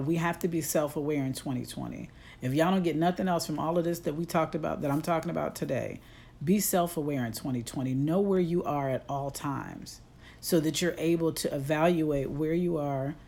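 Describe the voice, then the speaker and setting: Speaking through her phone on a live stream, a female life coach delivers a motivational talk in a low-pitched, warm voice. She keeps it conversational with a preachy edge, addressing her audience head-on.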